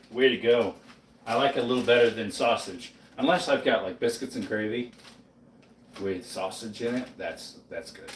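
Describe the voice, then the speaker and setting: A sleepy man streams himself making breakfast indoors at home, talking casually and wandering off topic with his viewers. His voice is medium-pitched with a little hiss or hum, and the mic sits far off in a spacious kitchen.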